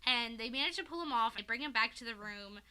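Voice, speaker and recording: A young woman co-hosting a podcast, recapping a story in a rambling, animated way, full of "like" and casual swearing. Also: a little high, fast talker, clean tone. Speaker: podcast co-host recapping a fanfic. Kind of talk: casual chat.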